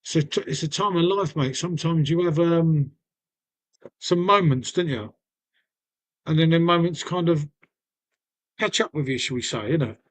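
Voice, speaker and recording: A man's voice: fairly high pitch, moderate pace, long pauses. Chatty man rambling on stream. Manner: rambling, chatty, says mate often. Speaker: live streamer. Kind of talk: casual live stream chat.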